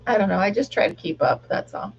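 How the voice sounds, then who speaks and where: A woman's voice: medium pitch, big pitch swings, quick pace, gravelly, slightly rough, highs cut off. A middle-aged woman chatting casually on a live stream while she crafts, laughing often and rambling about her day. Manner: chatty, laughs often, sings along softly. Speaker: livestream crafter.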